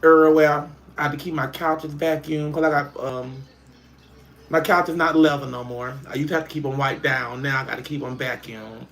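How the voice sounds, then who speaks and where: Mrs. Netta, a man doing a chatty gravelly Southern lady. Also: fairly even intonation, moderate pace, fairly bright tone. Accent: Southern US, Alabama. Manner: coos at the dog in a high voice, folksy dialect. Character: chatty middle-aged Southern woman, homey and playful. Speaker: livestream host. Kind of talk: casual livestream chat in character. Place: home.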